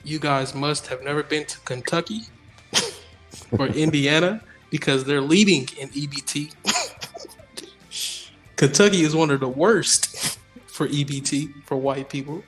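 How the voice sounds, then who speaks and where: A man's voice: a little high, takes it slowly, pauses often, a bit bright, husky, soft background music. A man arguing on a live stream, mocking and insistent, repeating his points over and over. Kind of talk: heated argument.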